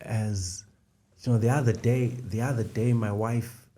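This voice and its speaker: A middle-aged man with a low, dark voice speaks in a steady, unhurried way as co-host of a conversational faith podcast. He lays out ideas step by step and echoes the key phrases.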